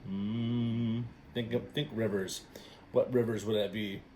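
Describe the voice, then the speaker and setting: An upbeat man hosting a relaxed trivia show, talking straight to his viewers. He keeps cheering them on, and his speech is loose and chatty, full of filler sounds and quick restarts. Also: on the low side, slight background noise. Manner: upbeat and encouraging, with many fillers and self-corrections. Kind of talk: casual chatty trivia quiz to camera.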